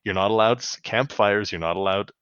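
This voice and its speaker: Casual male podcast co-host, low voice, swears and jokes, dull dry audio. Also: a little fast, fairly bright tone, smooth, no room sound. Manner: laughs often, swears freely, acts out quotes. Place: home, on the US West Coast.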